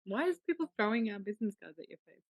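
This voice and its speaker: Woman, podcast co-host, teasing banter, gravelly fry, dry close sound. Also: mid-range voice, big pitch swings, rapid-fire, no room sound. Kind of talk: casual chat.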